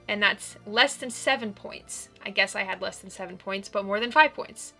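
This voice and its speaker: A woman's voice: mid-range voice, moderate pace, vocal fry, few pauses, sharp tone, faint music behind. A woman commenting on her visual novel playthrough, exasperated and exclaiming often. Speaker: let's play gamer.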